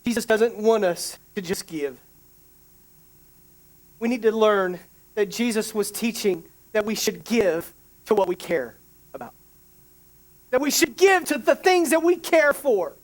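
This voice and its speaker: A middle-aged man preaching a sermon, an emotional storyteller who restarts sentences and adds quick asides. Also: sits high, expressive. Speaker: pastor.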